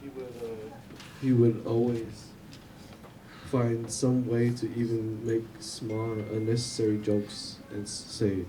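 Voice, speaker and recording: A young man speaks at a memorial gathering, telling loose, rambling stories with fillers and laughter between them. He sounds off-mic, with steady background noise around him. His pitch sits in a normal male range. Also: slow pace, far from the mic. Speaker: family member giving a eulogy. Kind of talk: informal memorial speech.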